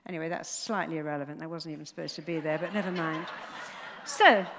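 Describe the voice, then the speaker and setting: A woman's voice: low voice, racing, background noise. A woman speaker delivers a motivational talk to an audience. She tells anecdotes with animation and jumps into the voices of the people in them. Her voice rings with the long reverb of a large hall. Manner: animated storytelling, acting out voices.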